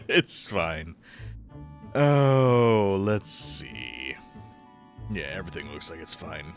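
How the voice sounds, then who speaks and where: A man's voice: low voice, sing-song, slow pace, gravelly, soft background music. A man streaming a game live, talking casually with a groggy, phlegmy morning voice, rambling and self-deprecating. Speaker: let's play streamer.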